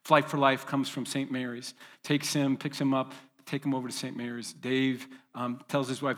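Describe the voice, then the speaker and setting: A man's voice: mid-range voice, flat delivery, normal speed, in a large hall. A man preaching as a pastor, vividly telling a long story with fillers and restarts. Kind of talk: storytelling sermon.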